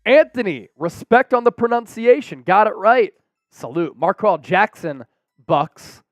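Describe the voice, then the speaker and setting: Young male stream host, high voice, dry close sound, hyped play-by-play over faint music. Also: measured pace, dry recording. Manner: energetic, breaks into excited shouts and chants. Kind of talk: live play-by-play and chat shout-outs.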